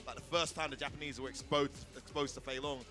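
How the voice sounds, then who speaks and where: A man's voice: medium pitch, steady tone, quick pace, over music. A man doing casual live esports commentary, full of cheeky, joking banter with his co-caster.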